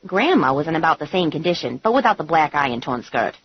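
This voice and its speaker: A woman reading a comic novel in the first person, with a wry, animated delivery. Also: low-pitched, fast, slightly rough, no room sound. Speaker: audiobook narrator. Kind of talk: scripted audiobook narration. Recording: dull, dry lo-fi recording.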